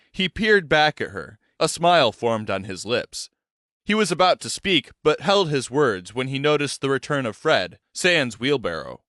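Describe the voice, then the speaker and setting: A male audiobook narrator reads scripted narration in an expressive, storytelling style. His voice is mid-range, and the clean studio sound has no echo.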